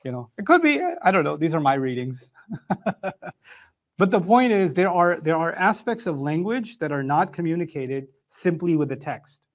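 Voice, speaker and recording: A man giving a religious lecture on the Quran, explaining points in an animated, emphatic way. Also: a little high, normal speed.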